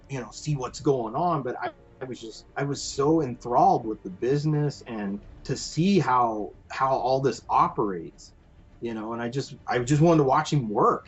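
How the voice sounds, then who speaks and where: Husky man spinning a rambling story. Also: medium pitch. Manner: rambling, animated storytelling with many fillers. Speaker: podcast guest. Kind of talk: casual anecdote telling. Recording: dull lo-fi podcast audio with faint music.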